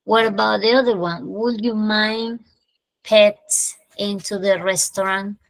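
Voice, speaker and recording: During an online English lesson, a woman with a Peruvian Spanish accent moves between Spanish and English at an unhurried pace, slowly and clearly lengthening each example sentence. Her voice is medium in pitch with fairly even intonation, recorded close and dry with no room echo.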